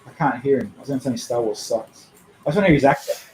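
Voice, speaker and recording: A man's voice: medium pitch, fast, darkish tone, echoey room, slight background noise, poor audio. A young man hosting a casual livestream, blunt and sweary, joking as he goes. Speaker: streamer host.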